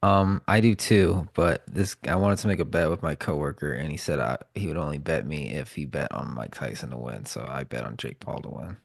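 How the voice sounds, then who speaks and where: A man with a very low, gravelly voice banters bluntly on a podcast, swearing freely. The sound is dry and close. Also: a little fast, hardly any pauses, no echo. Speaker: podcast co-host. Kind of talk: casual banter.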